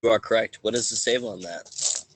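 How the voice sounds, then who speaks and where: A man with a very deep voice runs a tabletop game as game master, narrating at an unhurried pace with frequent pauses. His tone is bright and forceful, and the sound is close and dry. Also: dry recording, rough recording. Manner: halting, pausing narration.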